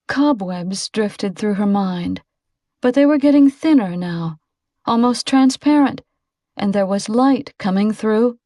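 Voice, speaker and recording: An audiobook narrator, a woman with a medium-pitched voice, reads a novel aloud in scripted narration, measured and expressive. The studio sound is clean, with no room sound.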